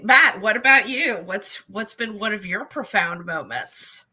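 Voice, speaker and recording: Woman podcast host, very bright voice, lively pitch, upbeat interviewer. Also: slightly rough, low-quality recording. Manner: upbeat, quick reactions and laughs.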